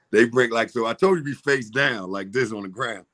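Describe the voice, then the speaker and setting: A man's voice: medium pitch, normal speed. A middle-aged man, a comedian telling stories in a casual interview, acting out voices and laughing often. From Philadelphia, USA. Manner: animated storyteller, acts out voices, laughs often. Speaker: comedian guest.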